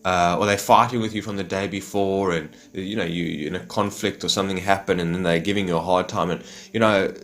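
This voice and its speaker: A man's voice: deep voice, steady tone, fairly quick, few pauses, a bit bright. A man in a rambling, reflective monologue, full of fillers. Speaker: vlogger.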